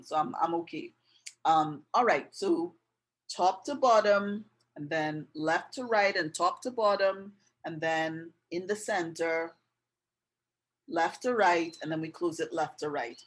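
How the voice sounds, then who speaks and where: A middle-aged woman tutor walks through a drawing and writing lesson one step at a time. Her voice sits a little low, and she takes her time, pausing to check that the viewer is following. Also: rough recording. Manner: patient, checks in with "okay?" often. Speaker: art and language tutor.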